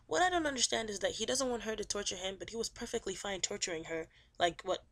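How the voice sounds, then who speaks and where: A young woman student talks through the plot of a book in a loose, chatty way. She leans on fillers and often lets her voice sink low and quiet at the ends of phrases. Her pitch sits in an ordinary middle range. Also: fast talker. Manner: chatty, says "he was like" and "um" often. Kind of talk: casual book summary.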